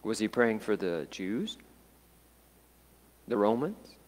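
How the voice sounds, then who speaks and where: A man delivers a sermon in a deliberate, unhurried way. His voice swells and then sinks to near quiet. A long reverb from a church sanctuary trails behind every phrase. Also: lowish voice, sing-song. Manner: slow, dramatic, dropping to hushed tones. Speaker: pastor.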